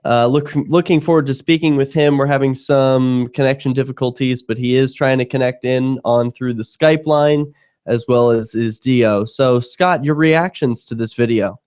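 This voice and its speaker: A man's voice: mid-range voice, steady tone, moderate pace, darkish tone, clear, resonant tone. A man hosting a talk radio show, introducing a video and a guest, then summarizing what the guest says.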